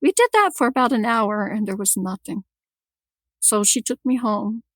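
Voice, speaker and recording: A woman guest on a podcast telling a personal story, halting and repeating words as she restarts sentences. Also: medium pitch, fairly even intonation, no echo.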